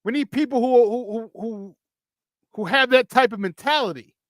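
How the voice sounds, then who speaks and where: A high-pitched man hosting sports talk radio. He rants in a heated, emphatic way and hammers his points home with repetition. The sound is dry and close. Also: normal speed, fairly bright tone, no echo.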